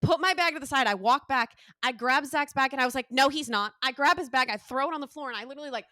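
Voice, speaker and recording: A young woman co-hosts a casual podcast with a high, sharp voice. She talks animatedly, swears freely and acts out the people in her stories. The sound is dry and close to the mic. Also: fast talker, no echo. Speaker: podcast co-host. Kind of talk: casual chat.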